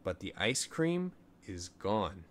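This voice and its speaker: A man voicing a patient but firm mother in a children's storybook, speaking calmly and plainly. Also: low-pitched, takes it slowly, full character voice. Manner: calm, firm and plainly spoken. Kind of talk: storybook reading.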